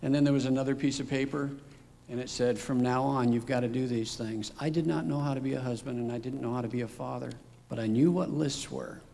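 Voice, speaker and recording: A middle-aged father recounts his personal story in a gravelly, worn voice. He speaks in a reflective, unhurried way. A long, hall-like reverb trails behind his words. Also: medium pitch, fairly even intonation, warm tone. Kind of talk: personal testimony.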